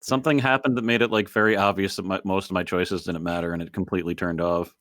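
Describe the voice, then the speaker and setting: A man with a very low voice co-hosts a laid-back gaming podcast. He rambles through his thoughts with plenty of "um"s and laughs often. The sound is dry and close, with no room echo. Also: steady tone, fast talker, a bit bright. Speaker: podcast co-host. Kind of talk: casual chat.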